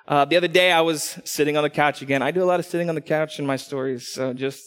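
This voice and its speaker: A man from Texas preaching a sermon as pastor, animated and storytelling, acting out what people say. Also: fairly high pitch, fast talker, smooth. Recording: long hall reverb.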